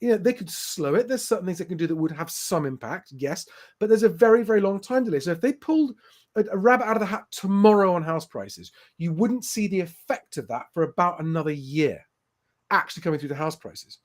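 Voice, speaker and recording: A man's voice: high voice, animated, fairly quick. A man hosting a casual live stream, rebutting viewer comments point by point in an emphatic way. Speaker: host.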